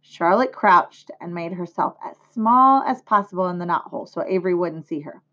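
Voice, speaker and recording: Female teacher narrating a storybook, measured read-aloud, muffled lo-fi recording. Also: on the low side, animated, sharp tone. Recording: dull lo-fi recording.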